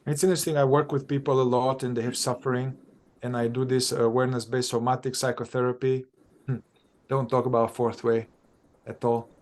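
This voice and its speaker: A man who works as a psychotherapist, talking through his methods in conversation, animated and thinking aloud, often repeating and restarting phrases. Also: medium pitch, a little fast. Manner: animated, acts out exchanges with clients. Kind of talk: conversational dialogue on spiritual practice.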